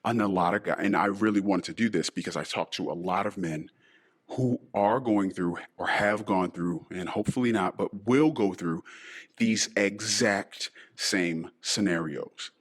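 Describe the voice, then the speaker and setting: Speaking in a purposely disguised, low-pitched voice, a middle-aged man delivers a personal monologue on his podcast. His talk is emotional and halting, broken up by sighs.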